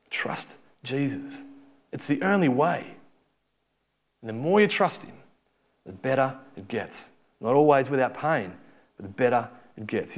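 A young man preaching a sermon, telling a story in a conversational way and acting out the quotes. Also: a little high.

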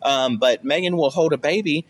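A young man on a casual podcast, swearing a lot and joking as he tells stories, now and then jumping up high to act out other people. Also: moderate pace, breathy edge. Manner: profane, jokey storytelling with loud high-pitched bits when he acts out others. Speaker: podcast co-host.

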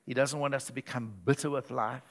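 A man, a pastor, preaching a sermon in church with lively storytelling that swings between loud and hushed delivery. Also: medium pitch, a little fast.

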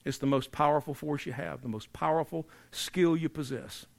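A male pastor in full sermon mode, his voice sitting a little high for a man. He leans hard on repeated phrases, then sinks to a low, hushed delivery to press a point home. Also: normal speed, creaky. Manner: emphatic preaching, repeats key phrases, drops to quiet for emphasis.

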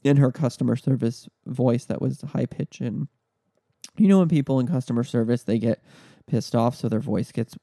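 A man's voice: mid-range voice, moderate pace, creaky, dark tone, no room sound, studio quality. A man hosting a podcast, telling a story in a blunt way and swearing freely. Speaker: podcast host. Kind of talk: comic storytelling monologue.

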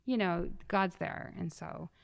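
Gravelly low-voiced woman host. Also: slow pace. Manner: reflective, rambling with many restarts. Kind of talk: faith-based conversational talk.

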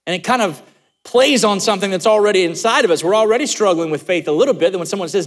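A man preaching a sermon as pastor, telling a joking story with lively asides. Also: high-pitched, fast. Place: church sanctuary. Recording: long hall reverb.

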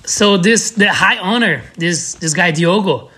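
A young man with a Brazilian accent, a native Portuguese speaker, telling stories as a podcast guest in an animated way, acting out his friends' lines. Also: high voice, unhurried, a little hiss or hum. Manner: animated, acts out friends' lines, laughs often. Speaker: guest, pro skateboarder. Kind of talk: casual podcast storytelling.

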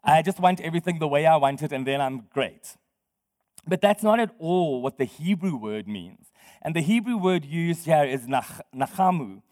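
A pastor preaching a sermon in a conversational way, quizzing the congregation and laughing often. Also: male voice, fairly high pitch, expressive, normal speed, darkish tone. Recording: long hall reverb.

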